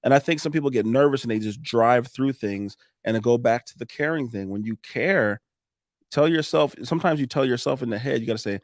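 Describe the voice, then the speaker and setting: Animated man coaching on sales. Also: mid-range voice, fairly quick, no room sound, clean studio sound. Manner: animated, coaching, laughs often. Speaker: podcast guest, sales coach. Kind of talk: casual podcast conversation.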